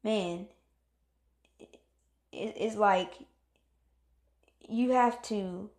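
A woman's voice: medium pitch, very slow, a little mellow. Earnest, encouraging woman in roomy space. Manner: earnest, repetitive, encouraging, acts out moods. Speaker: motivational speaker. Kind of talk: casual motivational talk.

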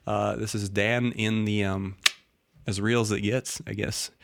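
A man's voice: on the low side, level tone, measured pace, creaky. A man hosting a casual talk show, a bit tipsy from drinking, rambling and laughing as he talks. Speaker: podcast host. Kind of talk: casual chat.

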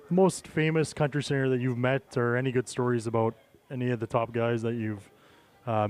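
A man's voice: mid-range voice, darkish tone, clear, resonant tone. A man co-hosting a casual podcast chat, easygoing, asking long rambling questions. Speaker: podcast co-host.

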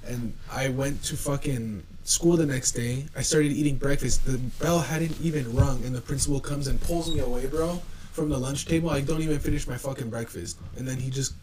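A man's voice: mid-range voice, normal speed, a little mellow, slight background noise, rough recording. A young man, a podcast co-host, telling a heated story in casual chat, swearing heavily and acting out the people he quotes.

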